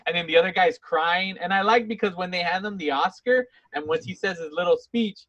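A man with a notably high voice talks through his favorite movie scenes. He is relaxed and laughs easily. The recording is a bit dull and muffled. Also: brisk. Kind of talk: casual chat about movies.

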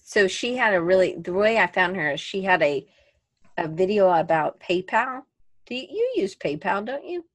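A woman's voice: mid-range voice, big pitch swings, moderate pace, no room sound. A woman hosting a casual live podcast chat, telling stories and acting out her own reactions. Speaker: podcast host.

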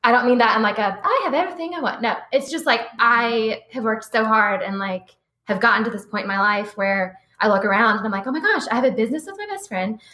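A woman's voice: a little high, a little fast, sharp tone. A woman guest in a casual interview, heartfelt and emotional, saying "like" often. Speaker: guest, business owner. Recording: echoey room.

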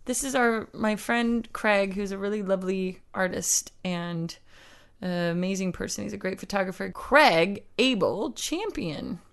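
A woman chats loosely and rambles, with a gravelly, fry-heavy voice. She records in a small closet. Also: medium pitch, measured pace. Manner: rambling, giggly. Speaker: podcast host. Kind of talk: casual chat.

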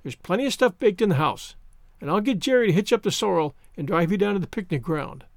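Stern older spinster woman, voiced by a man, brisk, scolding, no-nonsense, storybook reading. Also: high voice, lively intonation, creaky, dry recording, studio quality.

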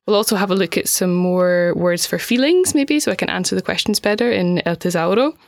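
A woman co-hosting a language podcast as the learner, asking questions and slowly repeating phrases after her teacher. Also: fairly low pitch, expressive, gravelly, dry recording, studio quality. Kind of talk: scripted language lesson chat.

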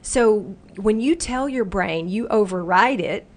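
A middle-aged woman speaks at a natural mid pitch in a relaxed interview. She explains with lively energy and now and then slips into playful quoted voices. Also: measured pace. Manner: animated, acts out the brain's inner voice in playful quotes. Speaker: guest speaker who runs retreats and workshops. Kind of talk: casual explanatory interview talk.

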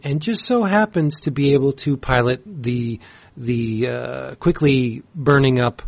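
A man's voice: mid-range voice, slightly rough. A man co-hosting a casual podcast, reviewing comics with gushing enthusiasm and rambling asides. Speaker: podcast co-host.

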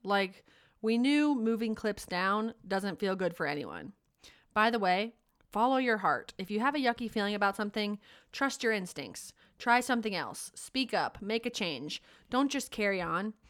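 A woman co-hosts a teaching podcast, telling classroom stories in an earnest, heartfelt, emotional way during casual chat. Her medium-pitched voice is expressive and a bit bright, at normal speed.

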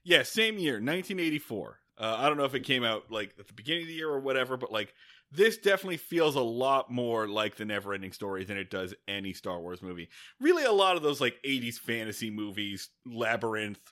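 A man co-hosting a podcast, recapping a film in casual, excitable chat, swearing freely. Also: medium pitch, a little fast. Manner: excitable, swearing, animated retelling with acted-out quotes. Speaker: podcast co-host. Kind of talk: casual movie-review chat.

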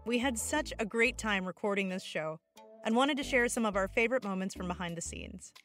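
A woman's voice: mid-range voice, fairly quick, a bit bright. A show's director and co-writer welcomes listeners in a friendly, scripted manner. Faint music plays under her voice. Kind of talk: scripted introduction.

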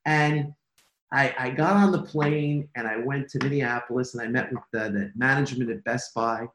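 A man in an interview who tells business stories in an animated way, repeating himself and laughing easily. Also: mid-range voice, moderate pace, a little hiss or hum. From United States. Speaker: toy company executive. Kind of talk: conversational interview. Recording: echoey room.

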